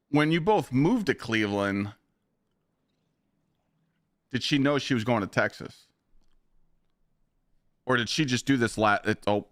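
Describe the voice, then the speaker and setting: A young man streaming games, telling stories to his chat in a blunt, profane, animated way. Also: lowish voice, no room sound. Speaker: game streamer. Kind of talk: casual live-stream storytelling.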